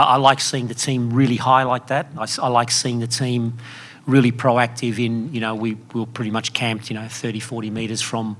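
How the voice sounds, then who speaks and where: Give me a middle-aged male football coach fielding press questions, halting and repeating himself, with a plain mid-range voice. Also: mid-range voice, fairly bright tone, a little hiss or hum. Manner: halting, repeats words while thinking. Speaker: head coach. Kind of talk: press conference answers.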